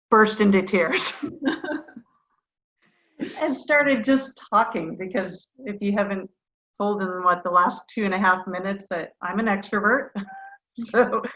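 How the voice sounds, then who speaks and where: A middle-aged woman, a retired fighter pilot, telling animated, self-deprecating stories as a guest in a video-call interview. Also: mid-range voice, dull audio.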